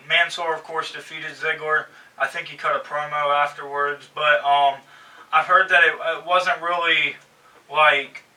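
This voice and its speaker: A man's voice: fairly high pitch, pushed and bright, distant mic, poor audio. A man hosting a wrestling review show, talking casually and growing exasperated as he rants. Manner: exasperated, ranting, sarcastic. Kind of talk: casual opinionated commentary.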